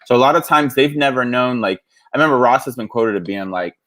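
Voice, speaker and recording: With a medium-pitched, slightly bright voice, this New York–area man talks fast and with lively intonation. He hosts a podcast, spinning stories casually and filling them with lots of fillers.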